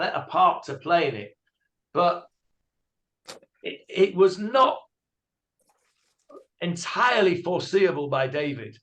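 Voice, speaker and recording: Man teaching a Bible class. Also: fairly high pitch. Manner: animated, with hesitant fillers.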